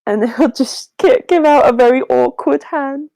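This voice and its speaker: Slow stammery woman player, kinda high voice, dry sound. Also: creaky, dark tone, rough recording. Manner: stammering, hesitant. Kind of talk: tabletop game chat.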